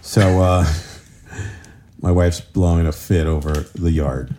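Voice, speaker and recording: A middle-aged married man chatting casually on a podcast, rambling through stories and leaping up in pitch when he quotes others. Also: fairly even intonation, slow pace, dark tone, slight background noise. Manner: rambling storyteller, jumps pitch for quoted voices. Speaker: podcast co-host. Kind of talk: casual chat.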